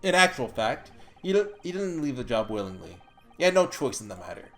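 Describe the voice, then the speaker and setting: A player putting on a gruff Scottish prison governor. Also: big pitch swings. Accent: attempted Scottish. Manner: slow, low, halting put-on brogue. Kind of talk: reading game dialogue aloud.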